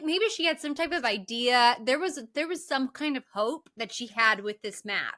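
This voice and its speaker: A woman co-hosting a podcast, recapping a film in an animated, profane, casual way. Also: fairly high pitch, normal speed, few pauses. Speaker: podcast co-host. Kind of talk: casual movie recap chat.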